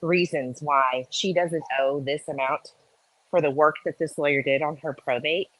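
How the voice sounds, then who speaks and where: A woman guest who works as an accountant, with a fairly low voice recorded close and dry. She explains things at length in a casual, meandering way. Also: steady tone, normal speed, no echo, poor audio.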